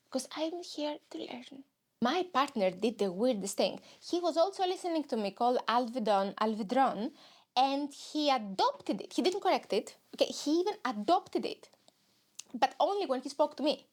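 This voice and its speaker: A young woman with a Greek accent, talking in a high, bright voice as she hosts her comic podcast. She tells stories about herself with animated, self-mocking energy. Her delivery stays playful and chatty. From Greece. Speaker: podcast host, comedian. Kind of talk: comic solo podcast monologue.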